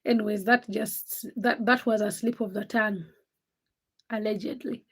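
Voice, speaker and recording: A woman's voice: medium pitch, fairly even intonation, moderate pace, slightly rough. A tired young woman hosting a late-night livestream, teasing and chatting with viewers as she reads their comments by name. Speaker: livestream host.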